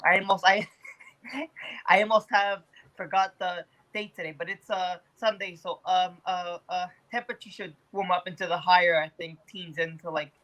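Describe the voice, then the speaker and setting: A man's voice: sits high, steady tone, normal speed, a bit bright, low-quality recording. A young man from Toronto chats loosely on a podcast as its weather guest. He rambles, stacking fillers and restarting his sentences. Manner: rambling, many fillers, laughs often. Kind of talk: casual podcast chat.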